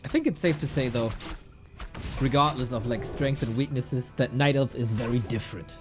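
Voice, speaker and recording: An esports caster giving live commentary on a strategy game match, excitable and joking, thinking out loud between plays. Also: medium pitch, moderate pace, music in the background.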